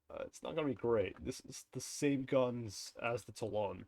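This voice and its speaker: A man's voice: medium pitch, unhurried, a little mellow, a little hiss or hum. Offhand man rambling through a game review. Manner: rambling and offhand, often correcting himself mid-sentence; wry, chuckles at his own jokes. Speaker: game content creator reviewing a dev blog. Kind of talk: casual commentary over screen content.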